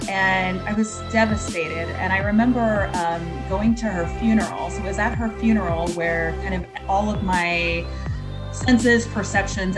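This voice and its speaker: A woman from Indiana, a guest psychic medium, telling a personal story in an earnest, reflective way with frequent fillers. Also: lowish voice. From Indiana, US Midwest.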